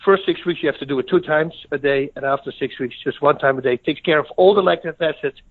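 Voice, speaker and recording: A middle-aged man speaks as a podcast guest, eager and rambling, often restarting his sentences. His voice sits a little high for a man. He comes through a thin, tinny phone line. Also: fast talker, husky. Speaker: guest, former fighter. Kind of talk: casual podcast interview.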